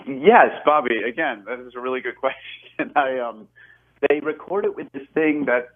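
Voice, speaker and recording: A man's voice: medium pitch, normal speed. A man in his forties, a guest actor chatting in an interview, rambling and self-deprecating with lots of restarts and laughs. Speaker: actor and film director, guest. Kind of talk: casual interview over a phone line. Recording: tinny phone line.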